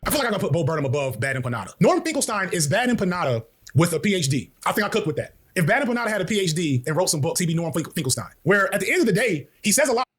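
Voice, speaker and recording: A man giving fast, opinionated video commentary full of slang and jokes. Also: high voice, husky. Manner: animated, slangy, ranks and jokes.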